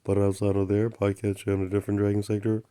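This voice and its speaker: A man's voice: fairly low pitch, completely flat delivery, fast talker, smooth. A man hosting his own channel, telling a rambling spiritual story in broken grammar and repeating affirmations like a chant. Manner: drops to soft unvoiced murmurs at times. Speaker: channel host.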